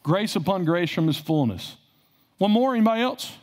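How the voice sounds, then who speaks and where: A man's voice: sits high, expressive, moderate pace, darkish tone. A male pastor preaching a sermon, asking the congregation questions and repeating phrases for emphasis.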